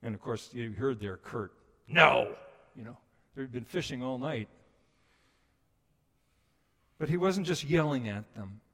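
A man preaching a sermon, moving between hushed passages and loud, emphatic ones. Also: mid-range voice, normal speed. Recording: long reverb of a large hall.

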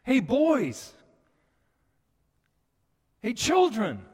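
A man voicing a figure who calls out affectionately from the shore to tired fishermen, in a raised, high, friendly shout. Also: wildly swooping pitch, drawn-out words, exaggerated voice. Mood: affectionate calling. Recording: long reverb of a large hall.

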